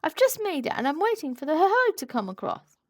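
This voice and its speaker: A woman voicing a very small, timid male piglet in a storybook read-aloud, talking fast in a squeaky, nervous way. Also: wildly swooping pitch, darkish tone, heavily acted. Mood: flustered.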